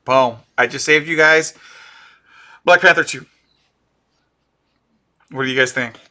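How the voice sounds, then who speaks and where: Excitable man with a bright, forceful voice. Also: mid-range voice, unhurried. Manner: animated, excitable, riffs on ideas and laughs. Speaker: podcast co-host. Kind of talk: casual pop-culture chat.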